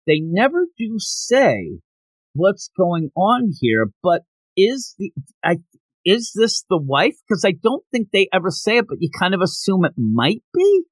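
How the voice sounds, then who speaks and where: Brief: male podcast host, casual rambling recap, animated delivery, dry mic. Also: high-pitched, unhurried, no room sound, low-quality recording. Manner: rambling, animated, acts out quoted lines. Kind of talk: casual chat recapping a manga chapter.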